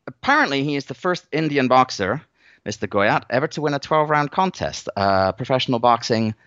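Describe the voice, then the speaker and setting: A man weighs up fights in a dry, wry way, pausing often on fillers. His voice is bright and forward. The recording is a little dull and very dry, with no room sound. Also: mid-range voice, lively intonation, no room sound. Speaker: boxing analyst. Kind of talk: podcast chat.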